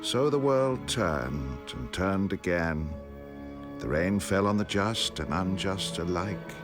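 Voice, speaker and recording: An ancient wizard tells his tale in a very deep, deliberate voice, slow and full of rise and fall. He speaks in measured film narration, with music playing beneath. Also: animated. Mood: solemn. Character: older male wizard recalling his life.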